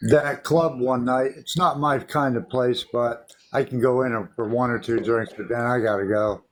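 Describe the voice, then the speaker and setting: A man hosting a casual live stream, easygoing and quick to laugh, chatting about dinner and his dog. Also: medium pitch, fairly even intonation. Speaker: livestream host.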